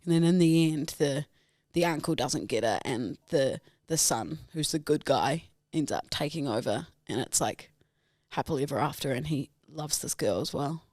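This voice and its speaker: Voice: medium pitch, normal speed, a little mellow, dry recording. Rambling podcast co-host, dry close sound. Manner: rambling, full of fillers like "like". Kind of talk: casual chat.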